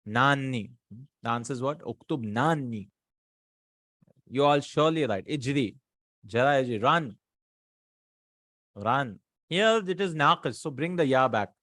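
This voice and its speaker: A man's voice: medium pitch, expressive, unhurried, long pauses, fairly bright tone, no room sound, studio quality. Patient male Arabic grammar teacher. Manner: patient, drills words aloud, asks and answers himself. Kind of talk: explaining grammar exercises.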